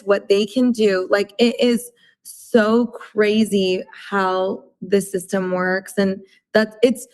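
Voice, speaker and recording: A woman guest on a casual podcast, explaining earnestly and peppering her talk with "like" and "you know". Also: mid-range voice.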